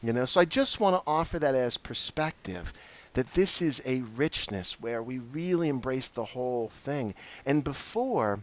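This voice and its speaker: Animated man telling his own story. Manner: animated, acts out his own reactions with big pitch jumps. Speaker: host. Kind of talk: casual heartfelt conversation.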